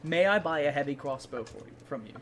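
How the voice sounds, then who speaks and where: A man's voice: on the high side, lively intonation, quick pace, slight background noise. A man playing a tabletop game, talking in an eager, playful way in casual chat. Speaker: player.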